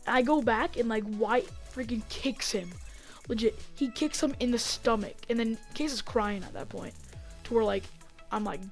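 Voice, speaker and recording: A woman telling a story in a casual vlog, rambling with lots of fillers and getting excited as she acts it out on a desk mic. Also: on the high side, normal speed, soft background music. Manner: rambling, heavy on fillers, gets excited acting out the fight. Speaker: vlogger.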